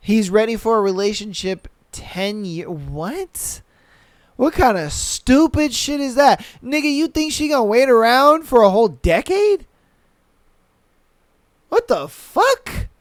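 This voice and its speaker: A young man hosting a podcast, reading listener stories aloud and reacting with animated, profane commentary. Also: sits high, no room sound, studio quality. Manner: animated, swears a lot, mocks with put-on quotes. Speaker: podcast host.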